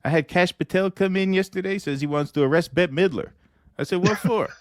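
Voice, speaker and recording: A man's voice: high-pitched, fairly quick, dry recording, clean studio sound, pitched above the performer's own voice, close to an everyday voice. A man doing an impression of a brash older male president, rambling and boasting in a folksy monologue. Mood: griping.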